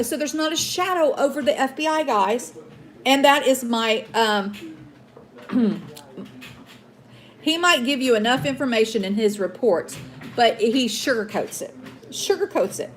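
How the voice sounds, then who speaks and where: A woman hosting a political commentary show, ranting indignantly at her viewers with many fillers and restarts. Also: high-pitched. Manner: indignant, outraged, addresses viewers as guys. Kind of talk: opinion rant to viewers.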